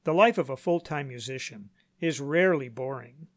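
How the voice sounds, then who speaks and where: A man hosting a podcast, reading a scripted narration in a measured, announcer-like way. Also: mid-range voice, animated, no room sound. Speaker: podcast host. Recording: dry voice-over with faint music.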